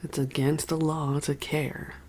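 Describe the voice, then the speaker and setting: The audiobook narrator voicing a blunt ex-convict man who talks in riddles, in a calm, measured way. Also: mid-range voice, close to an everyday voice.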